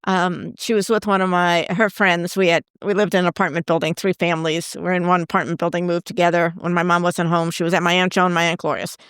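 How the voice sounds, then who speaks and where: A woman's voice: lowish voice, little pitch movement, quick pace, hardly any pauses, a bit bright, smooth, no room sound, clean studio sound. A woman hosting a casual chat, telling anecdotes and asking questions. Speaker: host.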